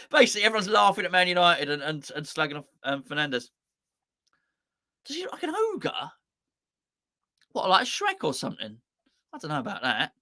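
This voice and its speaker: A man's voice: a little high, bright, forceful tone, no echo, clean studio sound. A man with a sore throat, hosting a football fan channel in casual, rambling live chat that mocks itself with many restarts. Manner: rambling, jokey and self-mocking, with many restarts.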